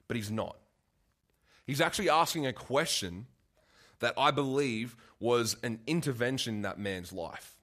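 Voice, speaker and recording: A man's voice: medium pitch, expressive, moderate pace, fairly bright tone. A man preaching a casual, conversational sermon, full of asides and restarts.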